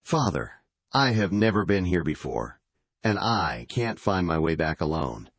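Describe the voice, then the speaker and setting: A man's voice: deep voice, very animated, measured pace, no echo, exaggerated voice. A man voicing a firm, earnest young male student in a storybook reading. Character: stubborn young male student, clever son.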